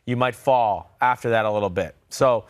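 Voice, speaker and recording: A former quarterback in his forties hosts a podcast, speaking at a moderate pace in a mid-range voice with studio-quality sound and no room echo. He tells loose, rambling stories in casual sports talk, using lots of fillers.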